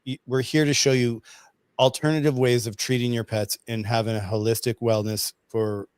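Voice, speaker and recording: A man hosting a casual online chat, telling stories in an animated way over a video call. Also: mid-range voice, moderate pace, clear, resonant tone, dry recording, clean studio sound. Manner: animated storyteller. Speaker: host.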